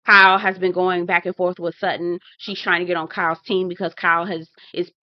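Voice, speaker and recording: A woman's voice: on the low side, little pitch movement, a little fast, dry recording, dull audio. A woman giving casual commentary to her viewers, talking to them directly and acting out her own reactions. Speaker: TV reality show reviewer.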